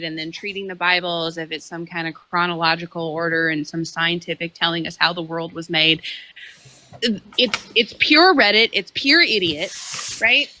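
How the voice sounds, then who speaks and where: A woman's voice: lowish voice, bright, forceful tone, poor audio. A woman debating on a live online call, combative and dismissive, swearing and tagging her points with "right?".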